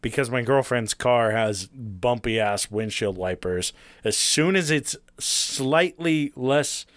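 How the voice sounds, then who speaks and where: A young adult man co-hosting a casual podcast, telling a road trip story with lots of swearing and animated retelling. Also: medium pitch, takes it slowly, no room sound. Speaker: podcast co-host.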